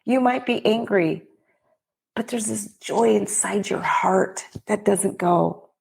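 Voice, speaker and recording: Middle-aged woman with a bit of vocal fry, podcast host talking straight to listeners, heartfelt and preachy. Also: mid-range voice, takes it slowly, darkish tone. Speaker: podcast host and business coach. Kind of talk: motivational talk.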